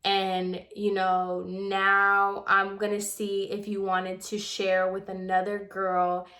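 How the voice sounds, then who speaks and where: A young woman vlogger recounting a story in casual conversation, animated and heated as she quotes the back-and-forth. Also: medium pitch, takes it slowly.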